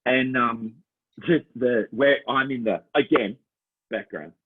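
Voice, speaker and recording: A husky, medium-pitched voice belongs to this middle-aged Australian podcast co-host, who takes his time while telling stories in a casual chat. He's animated, laughs frequently, and slips into little voices, all heard over a tinny phone-line sound.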